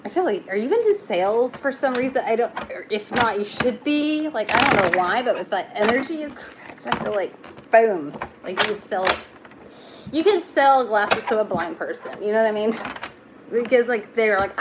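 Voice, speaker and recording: A woman's voice: mid-range voice, animated, a little slow, pauses often, heavy background noise. A young woman giving a casual live tarot reading, talking in a chatty, reassuring way with lots of fillers. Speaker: tarot reader.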